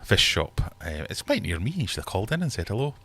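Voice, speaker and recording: A man's voice: fairly low pitch, very animated, fast, fairly bright tone, husky. A British man in his thirties hosting a casual livestream from his fish room, rambling and joking as he reads out viewers' comments. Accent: British English. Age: 30s. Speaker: livestream host.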